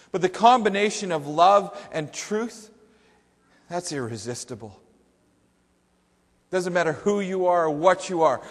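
Man preaching a sermon in a reverberant church. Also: on the high side. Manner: conversational, emphatic, quizzes the congregation. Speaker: pastor. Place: church sanctuary before a congregation. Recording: long hall reverb.

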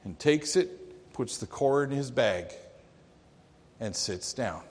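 A man pastor delivering a sermon in a church, telling a story with dramatic pauses. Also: medium pitch, expressive. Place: church sanctuary. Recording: long church reverb.

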